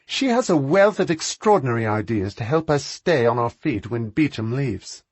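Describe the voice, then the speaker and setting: Casual: guy doing a snappy posh lady, lively ups and downs. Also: normal speed, no room sound, natural voice. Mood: brusque. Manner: exclaiming, higher voice. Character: aristocratic Englishwoman, sharp-tongued and brusque.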